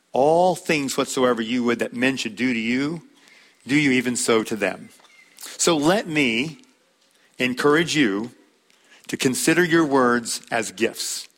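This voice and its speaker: A man delivering a sermon from the pulpit. His voice sits at an ordinary middle pitch, and he speaks in measured, earnest phrases. He slows down to lean on the key words. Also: fairly bright tone. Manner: measured preaching with slow emphatic stresses. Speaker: pastor.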